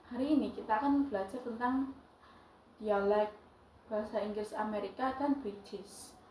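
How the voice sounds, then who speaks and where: A young woman with an Indonesian accent teaching English, switching back and forth between English and Indonesian in halting phrases. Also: a little high, darkish tone, far from the mic, slight background noise. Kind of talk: bilingual lesson. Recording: echoey room, voice from off-mic.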